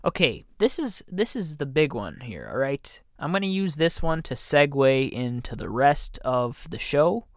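A man's voice: mid-range voice, big pitch swings, a little slow, few pauses, dry recording, studio quality. A man hosting a comedy podcast, rambling through a joking monologue, interrupting himself and dropping into mock voices. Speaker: podcast host.

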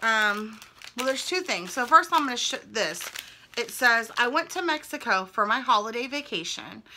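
Young woman vlogger, bright voice, chatty and gushing, camera mic at home. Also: on the high side, animated, normal speed, a little hiss or hum. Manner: chatty, gushing, thinking aloud. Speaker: vlogger opening fan mail. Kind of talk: casual chat. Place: indoors at home.

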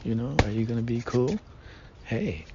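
A male podcast host gives a casual, rambling monologue full of slang, fillers and restarts. He speaks at normal speed in a slightly mellow voice, captured with dull lo-fi sound and a faint rumble.

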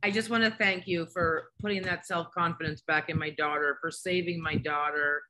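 A middle-aged mother speaks over a video call, heartfelt and close to tears. Her voice is bright and forward. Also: on the low side, fairly even intonation, normal speed. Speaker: patient's mother. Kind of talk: emotional thank-you on a call.

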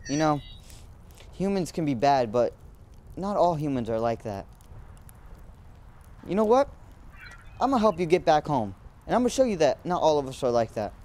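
A young man in an amateur short film playing a talkative young man who befriends a creature, quick to get exasperated and quick to apologize. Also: fairly high pitch, sing-song, dark tone. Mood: gentle.

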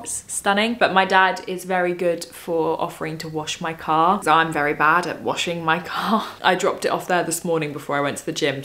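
A young woman from England, chatting casually to her camera at home, self-deprecating and quick to laugh. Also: on the low side, fairly bright tone. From southern England. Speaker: vlogger. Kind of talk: casual vlog chat to camera. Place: at home, indoors.

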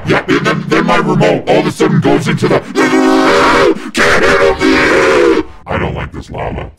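A gamer shouts and curses his way through lost rounds, his voice pushed through a demonic filter into a gravelly growl that lurches wildly up and down. He drags out his words slowly. Loud game music and crowd noise blare behind him. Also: extremely low pitch, wildly swooping pitch. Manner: yelling, cursing, frustrated outbursts. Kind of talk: rage-filled gameplay commentary.

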